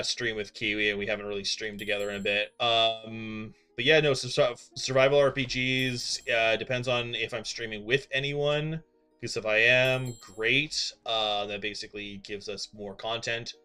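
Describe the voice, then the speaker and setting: A young man from Canada talks loosely to his stream viewers, his voice bright and somewhat low, wandering between thoughts with plenty of ums while he plays. Faint music runs underneath. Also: fairly even intonation, a little slow, clean tone. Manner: rambling, filler-heavy, distracted while playing. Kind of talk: casual live-stream chat with viewers.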